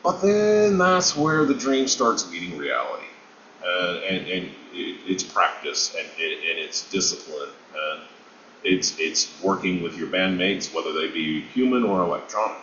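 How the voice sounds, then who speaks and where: A lower-voiced man talks in a reflective, hesitant ramble. His audio sounds roomy and muffled, with a faint noise floor behind him. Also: expressive, a little slow, a bit bright. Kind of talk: casual chat on a video call. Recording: roomy, dull lo-fi call audio.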